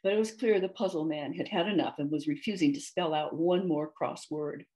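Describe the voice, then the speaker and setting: Woman, author reading her storybook, steady narration, slightly low voice. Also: brisk. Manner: steady narrating, occasional slips.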